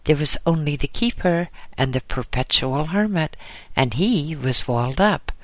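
A man voicing a short, very fat male monk messenger who is chatty and wheezy, in a high-pitched voice. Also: unhurried, no room sound, close to an everyday voice. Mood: gossipy.

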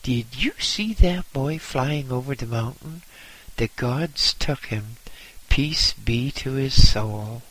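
A simple old monk with a high, eager voice, crying out in wonder at what he has seen, as a male narrator puts him on. His tone is bright and breathy. He speaks slowly and loudly. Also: exaggerated voice, rough recording. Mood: awed. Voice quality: high, excited exclamations.

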